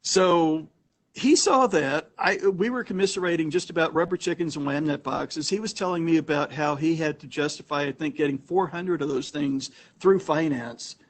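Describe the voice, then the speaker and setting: Man, meetup host, slightly high voice, rambling storyteller, casual talk to a live room. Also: normal speed. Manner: chatty, anecdotal, frequent restarts. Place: meeting room with a live audience. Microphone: room recording mic.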